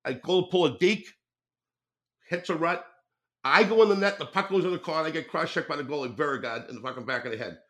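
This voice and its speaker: An older man from the area, telling raucous hockey stories at a rapid clip. His voice sits slightly high for a man, and he rambles, swears and laughs his way through each anecdote. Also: a bit bright. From Boston area. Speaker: podcast guest, former pro hockey player. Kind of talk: casual storytelling.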